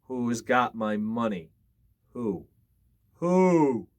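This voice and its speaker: A man's voice: medium pitch, big pitch swings, extremely slow, a little mellow. A man doing a wailing blind ghost woman. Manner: moaning, rising cries of who.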